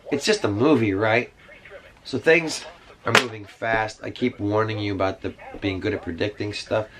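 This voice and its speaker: In this low-quality recording with music playing behind, a vlogger with a lowish, fairly bright voice rambles through a casual monologue to camera. He meanders constantly, packing his talk with fillers and side remarks.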